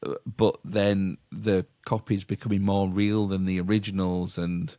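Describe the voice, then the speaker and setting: A man's voice: deep voice, flat delivery, unhurried, dark tone, dry recording. A middle-aged man with a Yorkshire accent, co-hosting a casual podcast chat and explaining ideas in a rambling, self-interrupting way with chuckles. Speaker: podcast co-host.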